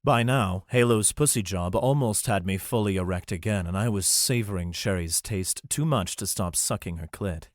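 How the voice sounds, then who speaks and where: A man's voice: fairly low pitch, moderate pace, hardly any pauses, no room sound, studio quality. A man narrating an adult fantasy audiobook in the first person, reading steadily.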